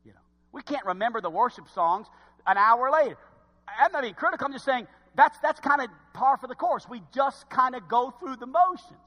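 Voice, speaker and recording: A man preaching a sermon in church, swinging from quiet asides to loud exhortation. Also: extremely high pitch, lively intonation, fairly quick, long reverb tail.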